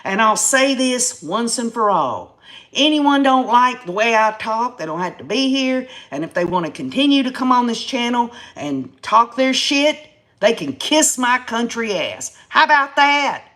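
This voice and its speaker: A fired-up woman in her fifties with a Tennessee drawl, talking straight to her live-stream viewers. Her voice sits a touch high, and she speaks with folksy, blunt country phrasing. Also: big pitch swings, moderate pace, fairly bright tone. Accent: Tennessee Southern. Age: 50s. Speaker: YouTube live-stream host. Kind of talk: casual live-stream talk to chat.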